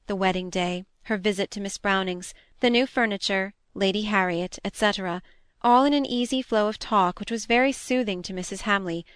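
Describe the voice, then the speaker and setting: A woman narrating a novel as an audiobook reader, reading in a measured, even way. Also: medium pitch, clean tone, no room sound. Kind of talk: scripted narration.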